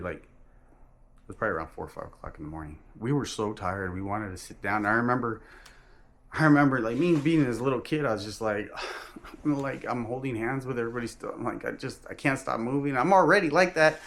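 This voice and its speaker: A man with a somewhat low voice recounts his religious testimony. He speaks earnestly and emphatically, but in a halting way, stopping mid-phrase and correcting himself often. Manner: halting, with frequent restarts and self-corrections. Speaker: person giving a religious testimony. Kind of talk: personal testimony storytelling.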